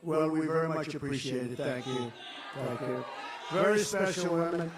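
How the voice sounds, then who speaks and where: A man's voice: a little high, normal speed. An older man giving a rambling rally speech, boastful and repetitive, with off-the-cuff asides. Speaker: political speaker at a rally. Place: large venue, victory rally. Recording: roomy sound, distant mic, loud crowd. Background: cheering crowd.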